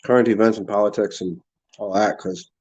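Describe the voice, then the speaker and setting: A man's voice: fairly low pitch, steady tone, brisk, a little mellow, slightly rough, lo-fi sound. A man chatting casually on a livestream, rambling and laughing while he eats and drinks. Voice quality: rambling, laughs often, talks with mouth full. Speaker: livestream host.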